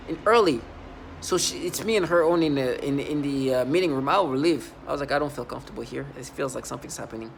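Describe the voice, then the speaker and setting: A man with an accent and a slightly high voice tells a long personal story about his workplace experiences as a vlogger. His monologue is rambling and emphatic, full of restarts, with a little hiss or hum in the audio.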